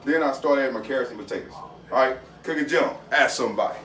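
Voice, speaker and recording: A man talks through a home cooking video in a folksy, excitable way, his voice at an ordinary middle pitch. Food sizzles quietly on the stove behind him in the home kitchen. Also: fast, a little hiss or hum. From Texas. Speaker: home cooking channel host. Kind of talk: casual cooking video talk.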